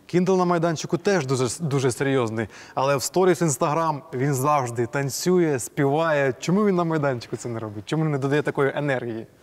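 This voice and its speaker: A man's voice: fairly high pitch, quick pace, few pauses. A man hosting a sports interview, asking questions with hesitant fillers.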